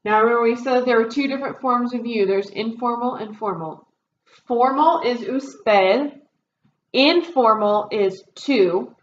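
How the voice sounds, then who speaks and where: A woman's voice: a little high, a little slow, echoey room, dull audio, slight background noise. A woman teaching a Spanish review lesson, explaining grammar step by step with frequent ums. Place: classroom.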